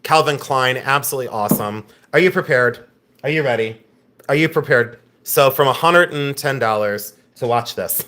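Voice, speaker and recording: A man running a live online auction, chatting and joking with viewers by name while pitching each item with breezy enthusiasm. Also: moderate pace, sharp tone. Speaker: live-stream auction seller.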